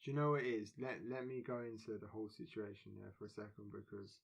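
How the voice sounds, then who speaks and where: A man co-hosting a podcast, teasing and explaining in quick bursts during casual chat. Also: fairly low pitch, fairly even intonation, creaky, husky. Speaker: podcast co-host.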